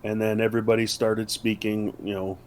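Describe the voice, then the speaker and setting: A man's voice: fairly low pitch, flat delivery, brisk, darkish tone, slight background noise. A man co-hosting a podcast in casual chat, rambling with many fillers and restarts. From United States. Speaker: podcast co-host.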